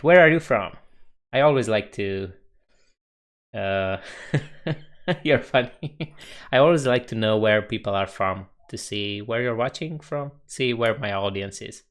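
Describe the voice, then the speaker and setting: A man talks casually to his stream chat at a slow, easy pace. His voice sits a little low, and he chuckles often as he reads out comments and greets viewers. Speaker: coding live streamer.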